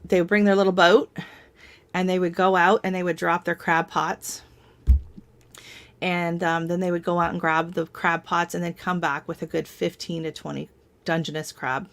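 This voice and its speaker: A woman chatting casually on a live stream from home, her voice sitting a little low for a woman. She rambles through long stories, trailing off and picking up again, and laughs often. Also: level tone, moderate pace.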